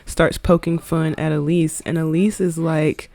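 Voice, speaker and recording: A woman's voice: deep voice, level tone, a little slow, vocal fry, hardly any pauses, mellow, dry recording. A woman giving casual let's-play commentary on a life-sim game, chatty, slangy and giggly. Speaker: gaming video creator.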